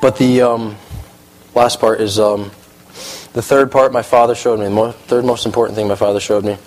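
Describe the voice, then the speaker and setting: A man preaching a casual sermon, animated and emphatic, repeating phrases as he talks through verses. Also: moderate pace, low-quality recording. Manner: animated, emphatic, rises in pitch when excited.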